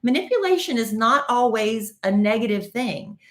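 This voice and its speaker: A middle-aged woman, co-hosting a podcast in casual chat, animated and teasing as she tells stories. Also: fairly high pitch, normal speed. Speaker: podcast co-host. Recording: roomy echo.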